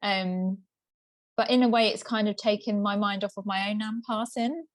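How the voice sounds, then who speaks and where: A woman's voice: mid-range voice, fairly even intonation, normal speed. A woman co-hosting a casual podcast chat, candid and chatty. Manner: candid and chatty, laughing between thoughts. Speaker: podcast co-host.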